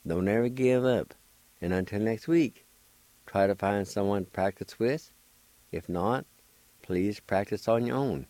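A man giving a patient radio pronunciation lesson, spelling words and repeating each syllable slowly. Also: fairly low pitch, dark tone, no room sound. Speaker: radio language teacher. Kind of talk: slow word-by-word pronunciation lesson.

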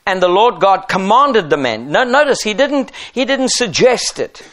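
A man's voice: sits high, very animated, normal speed, fairly bright tone. A middle-aged man preaching a sermon as pastor, emphatic and driving his points home with rhetorical questions.

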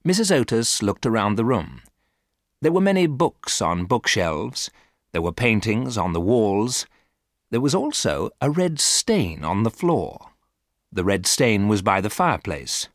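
A man reading a storybook aloud for learners, in a clear, deliberate way. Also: on the low side, very animated, no room sound, clean studio sound. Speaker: narrator.

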